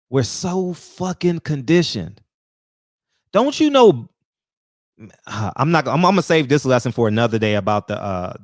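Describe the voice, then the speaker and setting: This show host delivers a casual opinion monologue that turns heated and profane, full of rhetorical questions. He leans on repeated words for emphasis while his voice swings high and low, recorded in a clean studio with no echo.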